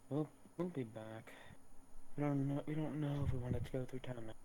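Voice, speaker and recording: A man's voice: medium pitch, moderate pace. Guy player goofing around in a tabletop game, noisy stream audio. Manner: jokey, talks in character. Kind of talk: casual chat during a tabletop game.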